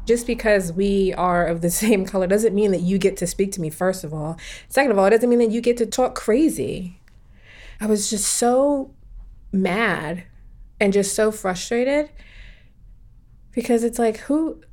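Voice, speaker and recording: A woman in casual conversation, telling a personal story in an animated, emphatic way with many fillers. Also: mid-range voice. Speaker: partner sharing a personal story.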